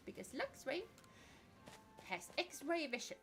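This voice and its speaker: A woman's voice: high voice, lively intonation, takes it slowly, a bit bright, faint music behind. A woman from Sweden with a Swedish accent, streaming a game and chatting frankly, laughing between remarks. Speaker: VTuber streamer. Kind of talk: casual chat while streaming a game.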